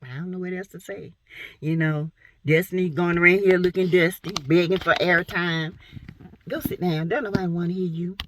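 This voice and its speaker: A woman's voice: fairly low pitch, fairly even intonation, normal speed. A woman from South Carolina giving blunt, sassy gossip commentary on reality TV. She talks to her viewers in a playful, exclamatory way.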